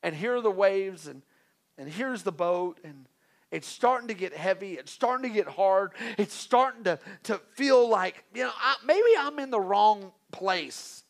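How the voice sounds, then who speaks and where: A man preaching a sermon in a conversational way, with joking asides and swings from quiet to loud. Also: high voice, lively intonation, unhurried. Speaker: pastor.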